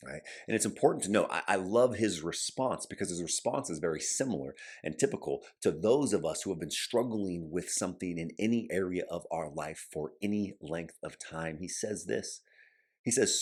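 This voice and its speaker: A man preaching with a very low, husky voice that sits deep in his chest. He talks earnestly and directly to his listeners, and now and then he briefly takes on the voices of people he quotes. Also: animated, normal speed, darkish tone. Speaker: pastor. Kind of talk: sermon.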